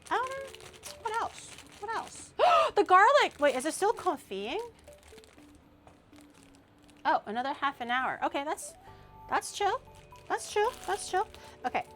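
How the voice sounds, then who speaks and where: A young woman streamer chatting casually and rambling as she cooks, with loud playful outbursts. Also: a little high. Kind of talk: casual cooking stream chat.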